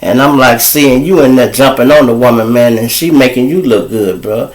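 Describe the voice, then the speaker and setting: A man with a Chicago accent, hosting his own show and telling a street story in casual slang, calling the listeners y'all and jumping high in pitch when he quotes people. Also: moderate pace, poor audio. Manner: animated, jumps to high pitch for quoted lines. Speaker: storyteller host.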